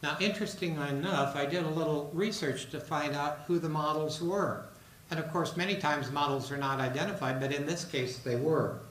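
Man giving a halting talk in a roomy hall. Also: fairly high pitch, a bit bright, slight background noise. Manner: halting, with many uh and um fillers. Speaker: speaker giving a talk on an artist. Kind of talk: presentation to an audience. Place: hall in a retirement residence. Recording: roomy hall, mic at a distance.

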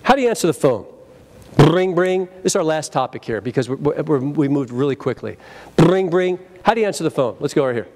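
Lively man leading a sales seminar. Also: medium pitch, rapid-fire, hardly any pauses. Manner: energetic, acts out phone greetings, leads audience call-and-response. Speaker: sales trainer presenting a seminar. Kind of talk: live training seminar. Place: convention seminar room.

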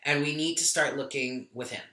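A man's voice: medium pitch, a little fast, pushed and bright, roomy sound. A man giving a tarot reading in a vlog, talking candidly and with emotion, swearing now and then. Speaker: tarot reader.

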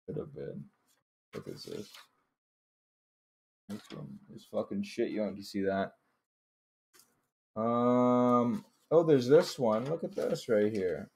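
Young man, low voice, unhurried, laid-back joking commentary with casual swearing. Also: vocal fry. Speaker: artist reviewing his childhood drawings.

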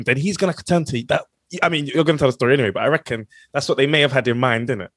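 A man with a London accent hosting a podcast, chatting casually and joking with quick reactions. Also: medium pitch, a bit bright, no echo, studio quality. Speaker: podcast host. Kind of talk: casual chat.

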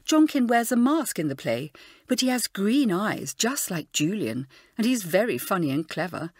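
A woman's voice: mid-range voice, big pitch swings, moderate pace, husky, no echo, studio quality. A woman reading an audiobook, voicing a vain schoolgirl who speaks in a sugary, simpering way. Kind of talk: audiobook character voice.

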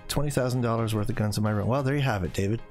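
A man's voice: on the low side, very fast, a little mellow, soft background music. A man in his forties hosting a casual gaming livestream, rambling and getting worked up as he chats. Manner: rambling, gets worked up, then apologizes. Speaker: livestream host.

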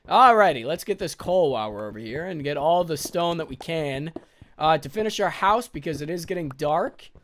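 A young man giving casual let's-play commentary, excitable and swearing, breaking into panicky outbursts. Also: a little high. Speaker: gaming YouTuber.

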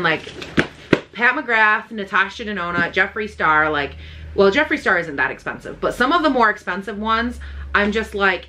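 A young woman vlogging as she unboxes makeup, gushing and excitable, swearing freely. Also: mid-range voice, slight background noise. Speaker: beauty vlogger. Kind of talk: casual unboxing chat.

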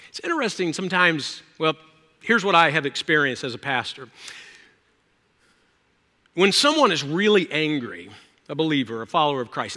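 Guy pastor preaching in a church, high bright voice, goes loud then real quiet, echoey hall. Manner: dramatic preaching, swinging from loud emphasis to hushed lines. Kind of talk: sermon. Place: church sanctuary.

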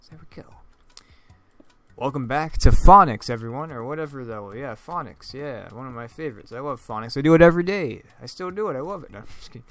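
A man's voice: medium pitch, animated, fast talker, a bit bright, soft background music. A man giving casual, joking commentary over his own gameplay, laughing often and stumbling over his words. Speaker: gaming YouTuber.

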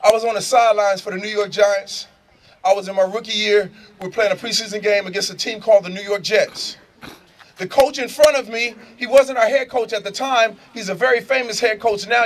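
A middle-aged man, preaching and telling stories loudly to a prison crowd, shouting and laughing in street slang. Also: high-pitched, fairly quick. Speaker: motivational speaker. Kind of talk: animated preaching and storytelling. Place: prison gathering space.

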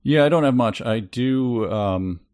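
A man's voice: mid-range voice, animated, a little slow, darkish tone. A man co-hosting a casual book podcast, reading passages aloud and poking fun at them with dry sarcasm. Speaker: podcast co-host. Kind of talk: casual book-review chat.

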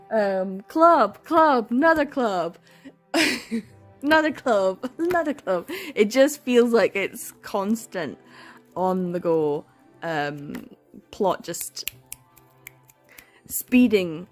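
Gushing excitable young woman book vlogger. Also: mid-range voice. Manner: gushing and excitable, laughing and sighing often. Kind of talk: casual reading vlog chat.

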